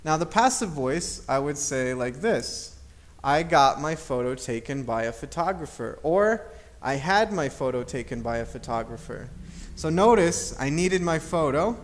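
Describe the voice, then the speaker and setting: Male teacher, somewhat high voice, patient step-by-step grammar explainer. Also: lively intonation. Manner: patient, repeats examples slowly, checks with "okay?". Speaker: English teacher.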